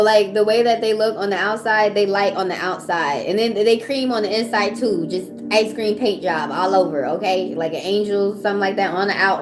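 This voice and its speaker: Southern woman, chatty tarot reader on a livestream, loose and casual, music playing behind. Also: mid-range voice.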